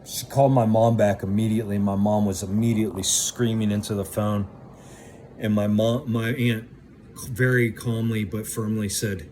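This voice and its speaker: A man's voice: fairly low pitch, steady tone, normal speed, a little mellow, slight background noise. A man casually recounting his own past in a candid, blunt way that includes swearing. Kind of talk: casual first-person storytelling.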